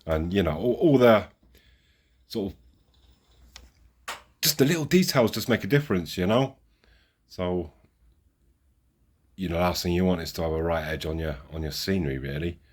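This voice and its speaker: A man talks through his scenery build in a casual, rambling way, joking at his own expense. His voice sits very low and has a husky edge. He is recording outside. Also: lively intonation, normal speed, pauses often. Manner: rambling, chatty, self-deprecating. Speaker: model railway hobby vlogger. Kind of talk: casual hands-on craft commentary. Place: outdoors.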